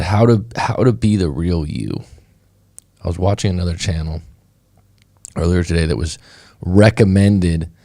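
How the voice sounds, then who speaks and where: A man talks on a casual live stream as a coach, loose and rambling, circling back with fillers and restarts. His voice sits low and mellow. The sound is close and dry, with almost no room around it. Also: dry recording. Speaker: breakup coach.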